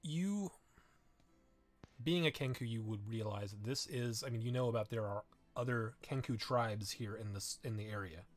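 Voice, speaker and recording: A man's voice: on the low side, faint music behind. A man narrating as game master of a tabletop game, improvising descriptions with frequent restarts and fillers. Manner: improvising, halting with many restarts.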